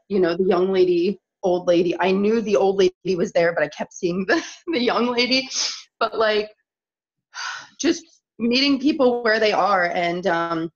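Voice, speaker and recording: Young woman, tearful, halting and breathless, muffled call audio. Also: mid-range voice. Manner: breathless, halting, many likes. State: emotional, close to tears. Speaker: team leader, call participant.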